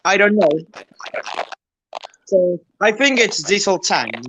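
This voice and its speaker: A man speaks haltingly as a guest on a casual stream, with many restarts. Faint noise sits under his voice. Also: high voice, big pitch swings. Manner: hesitant, halting. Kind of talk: casual chat.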